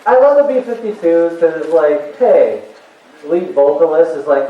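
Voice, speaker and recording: A man's voice: on the high side, moderate pace, slight background noise. A man of about forty doing a chatty, rambling stand-up comedy set on a convention stage. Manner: chatty, rambling and animated, with frequent fillers and self-laughs. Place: convention stage with a live audience. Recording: very echoey, distant, muffled hall recording.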